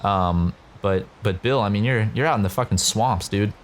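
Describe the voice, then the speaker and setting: A man's voice: fairly low pitch, normal speed, slight background noise. A young man from South Carolina, a podcast guest telling a long story with lots of fillers and swearing. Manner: rambling, profane, lots of fillers. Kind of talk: casual podcast chat.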